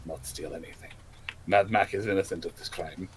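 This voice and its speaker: A man's voice: low voice, steady tone, fairly quick, a little hiss or hum, lightly acted. A man doing a blustering Russian-accented stallion tinkerer. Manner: blustering, heavy fake Russian accent, talks of himself in third person. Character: gruff Russian-accented male stallion tinkerer, big oaf.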